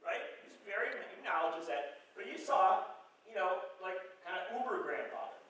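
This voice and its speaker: A man's voice: sits high, expressive, moderate pace, a bit bright. Joking man in his sixties, echoey hall. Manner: rambling, joking, acts out quoted people. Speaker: journalist and guest speaker. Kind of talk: humorous public talk to a local audience. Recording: echoey hall from far off, faint noise.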